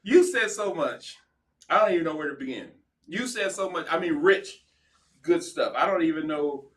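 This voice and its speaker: A man's voice: on the high side, expressive, moderate pace, recorded from a distance. A man as a guest in an interview, enthusiastic and affirming, often repeating himself. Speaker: guest, former football player. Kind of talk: casual interview chat.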